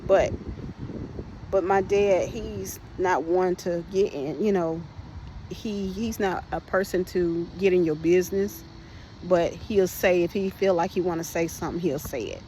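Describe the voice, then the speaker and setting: A woman's voice: fairly low pitch, unhurried, warm tone, slight background noise, poor audio. A woman hosting a podcast and telling her personal testimony in a conversational way, often speaking to listeners as "y'all" and restarting her sentences.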